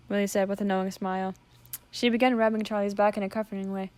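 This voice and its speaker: A woman narrating a fan story in an earnest, even storytelling voice. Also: mid-range voice, quick pace.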